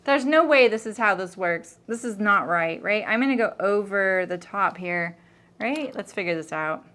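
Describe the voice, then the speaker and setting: A woman's voice: mid-range voice, lively intonation, normal speed, a bit bright. A woman in a medium voice hosts a sewing livestream, chatting casually as she works. She thinks aloud and laughs easily, talking to her viewers between tasks. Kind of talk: casual chat while sewing.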